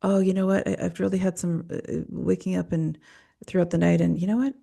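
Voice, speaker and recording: A woman's voice: fairly low pitch, flat delivery, fast, vocal fry, dark tone, slightly rough, heavily acted. A woman voicing a chatty office-worker client who rambles and overshares about her aches.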